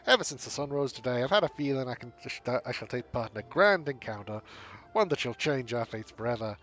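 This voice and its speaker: A man's voice: medium pitch, expressive, moderate pace, slightly rough, lo-fi sound. A man voicing a grand, mystical woman wanderer from far away, with a flowery, theatrical drawl, in a game. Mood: grandiose.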